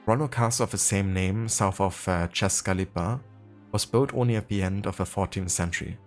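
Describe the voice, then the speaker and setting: Game streamer, male, deep voice, rambling chatty delivery, faint music underneath. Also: a little fast. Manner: rambling, many fillers, reads codex entries aloud. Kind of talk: casual livestream chat and reading aloud.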